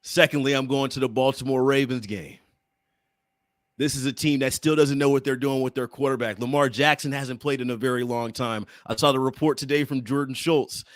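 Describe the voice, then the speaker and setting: A man hosting a sports podcast in casual chat, playful and teasing and quick to laugh. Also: medium pitch, fairly even intonation, no echo, clean studio sound. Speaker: podcast host.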